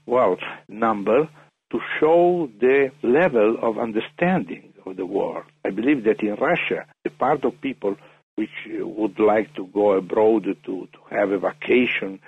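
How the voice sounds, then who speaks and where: Gravelly man on a tinny phone line. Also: fairly low pitch. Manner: hesitant, many fillers and restarts. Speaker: interview guest. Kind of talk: phone interview.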